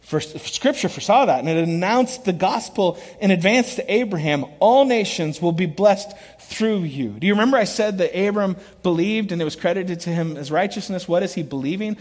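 A middle-aged man preaching a sermon as a pastor, telling stories with animated swings from loud shouts to quiet, intense moments. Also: sits high. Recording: long reverb of a large hall.

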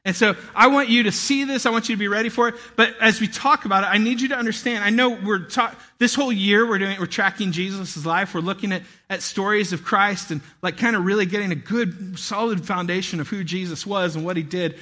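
Animated high-voiced male pastor. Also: brisk, hardly any pauses. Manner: animated, laughing storyteller with acted-out shouts. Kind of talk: sermon with storytelling.

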